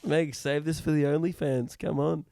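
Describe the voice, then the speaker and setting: Aussie guy joking around on a podcast, smooth clear voice, dry close mic. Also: a little high, steady tone, normal speed, dark tone, no echo. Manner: joking, teasing banter. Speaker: podcast co-host. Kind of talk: casual chat.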